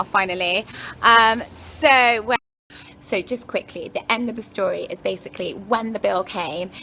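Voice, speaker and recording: A woman's voice: medium pitch, pushed and bright, a little hiss or hum. A young woman from London, telling a story to her vlog camera in a chatty, rambling way with frank, wry asides. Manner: chatty, rambling, lots of "anyway" and "like". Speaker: vlogger.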